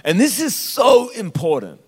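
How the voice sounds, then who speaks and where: Male pastor, high voice, impassioned sermon, long church reverb, soft music under. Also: big pitch swings, slightly rough. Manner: impassioned preaching with sung, drawn-out phrases. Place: church hall. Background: soft instrumental music.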